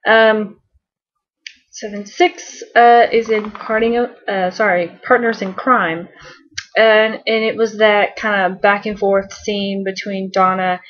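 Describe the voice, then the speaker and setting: A woman's voice: mid-range voice, little pitch movement, slow. Bubbly rambling woman, lo-fi recording. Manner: bubbly and rambling, with many fillers and giggles. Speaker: vlogger. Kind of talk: casual fan countdown chat.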